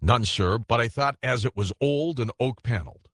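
Timid young male ghost as a man reads him, meek, apologetic, husky, dry sound. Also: medium pitch, moderate pace, dry recording, close to an everyday voice.

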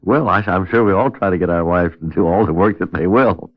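A man whose voice sits low hosts a radio discussion and reads from scripture with a measured, old-fashioned cadence. It comes from a dull old radio recording without echo.

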